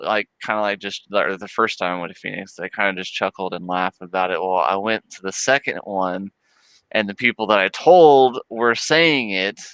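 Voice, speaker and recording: A man in his thirties chatting on a livestream, rambling and laughing his way through a story. His voice is bright and crisp. The sound is dry and close. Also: lowish voice, no echo, low-quality recording. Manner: rambling, laughs often, lots of "like". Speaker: livestream host. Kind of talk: casual storytelling chat.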